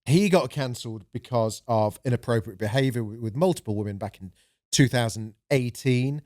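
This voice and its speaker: A man's voice: mid-range voice, normal speed, a little mellow, no room sound. A man co-hosting a podcast in casual comedic chat, dry and sardonic, swearing freely. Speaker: podcast co-host.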